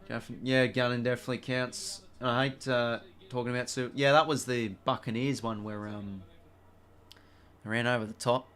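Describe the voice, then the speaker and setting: A man's voice: medium pitch, flat delivery, fairly quick, a bit bright, smooth. A young adult man with an Australian accent, hosting a live watch-along stream in a rambling, chatty way, swearing freely as he calls the play and chats between passages.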